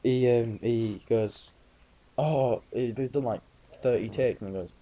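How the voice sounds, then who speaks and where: A man's voice: mid-range voice, a little slow, warm tone, dull audio, slight background noise. A man chatting casually about films, rambling through anecdotes.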